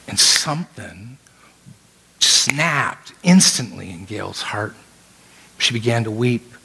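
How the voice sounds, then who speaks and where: A man's voice: on the low side, slow pace, vocal fry, long pauses, husky. Man preaching in a storytelling sermon. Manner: lively storyteller who acts out the people he quotes. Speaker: pastor.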